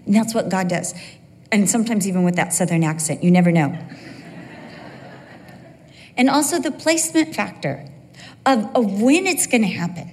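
A middle-aged woman teaching a sermon with lively humor, tossing in quick asides and acting out little exchanges. Her voice sits in a mid range and rings with long reverb from a large church hall. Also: medium pitch. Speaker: women's Bible teacher. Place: church sanctuary.

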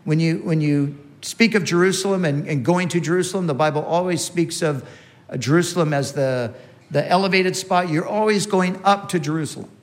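A man's voice: fairly high pitch, brisk. Man preaching a teaching sermon. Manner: teaching, with frequent restarts and emphatic repetition.

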